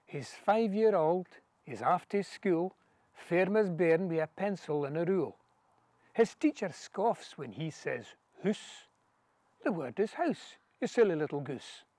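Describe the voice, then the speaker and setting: A Scottish man reciting a poem in a steady, rhythmic cadence, slipping easily into Scots dialect. His voice sits slightly high for a man. The recording is dry and close, with no room sound. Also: unhurried, no echo. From Scotland. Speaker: poetry reader. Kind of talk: poetry reading. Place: outdoors, back garden.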